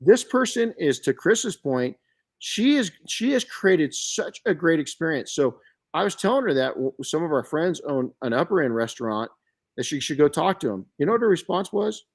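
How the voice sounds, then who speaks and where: A middle-aged man hosting a podcast, chatting casually and telling stories in an animated way, often restarting his sentences. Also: fairly high pitch, moderate pace. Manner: storytelling, animated, frequent restarts and self-corrections. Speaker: podcast host.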